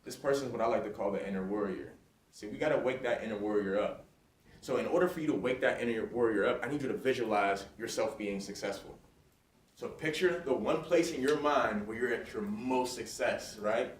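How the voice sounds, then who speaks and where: In a school hall, a man gives students an energetic motivational talk, regularly checking in with his audience. His medium-pitched voice moves fairly quickly. The recording is roomy and distant, with faint background noise.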